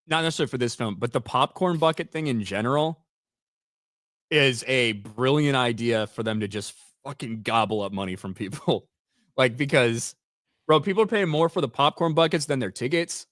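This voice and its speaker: A man's voice: medium pitch, a bit bright, dry recording, clean studio sound. Blunt, profane young man co-hosting. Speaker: co-host. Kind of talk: casual podcast chat.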